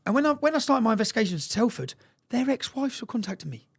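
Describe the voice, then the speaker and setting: A man's voice: very high-pitched, big pitch swings, fast, vocal fry, husky. A man, a guest telling stories with insistent energy and ending his phrases with questioning "yeah?" tags. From England. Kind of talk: impassioned storytelling in conversation.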